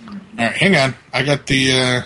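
A man's voice: medium pitch, fairly even intonation, normal speed, sharp tone. A man hosting a prank-call show, telling stories casually, laughing and cursing a lot, on a computer mic. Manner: profane, laughing storyteller. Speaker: podcast host. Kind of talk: casual chat, prank calling.

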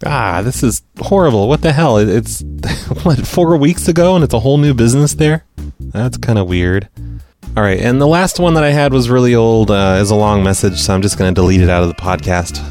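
A man's voice: medium pitch, lively intonation, brisk, darkish tone. A man hosting a prank-call podcast, talking casually with a blunt, sarcastic edge. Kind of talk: casual chat. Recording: faint music behind.

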